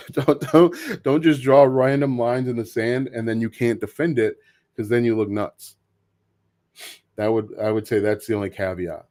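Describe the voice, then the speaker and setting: Casting: man, lowish voice, livestream host, casual and opinionated, stumbles and restarts. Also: a little mellow. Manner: halting, frequent restarts and fillers, opinionated. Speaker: livestream host answering viewer questions. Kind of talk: casual live Q&A talk.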